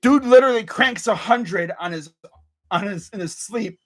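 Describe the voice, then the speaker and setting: A man's voice: high voice, moderate pace. A young man vlogging as a sports fan, ranting casually and swearing a lot. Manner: animated, ranting, swears and says bruh a lot.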